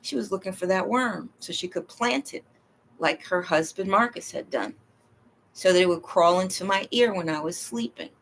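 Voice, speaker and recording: A woman's voice: on the low side, expressive, moderate pace, a little hiss or hum. A woman telling a long personal story in a rambling, emphatic way, acting out what people said to her. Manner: rambling, emphatic, acts out quoted dialogue.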